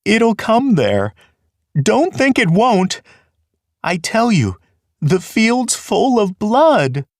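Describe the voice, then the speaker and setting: A man's voice: high-pitched, big pitch swings, extremely slow, no room sound, studio quality, voice pushed up, heavily acted. Man putting on a terrified young rabbit. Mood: panicked. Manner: trembling, whimpering. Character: timid young male rabbit seer, terrified.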